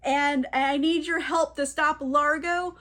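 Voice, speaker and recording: A woman playing a cocky male secret agent who talks bluntly and casually. The delivery is loose and jokey, in a fairly high voice. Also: fairly even intonation, slow, fairly bright tone. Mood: joking.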